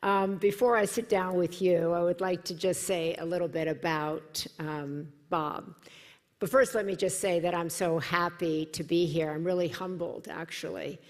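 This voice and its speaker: A middle-aged American woman giving a heartfelt personal speech at a dinner event, earnest and grateful, becoming animated when she recounts a story. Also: fairly low pitch, moderate pace. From United States. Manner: warm, earnest, animated when quoting others. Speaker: event speaker. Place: large hall at a dinner event. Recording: hall reverb in a large room.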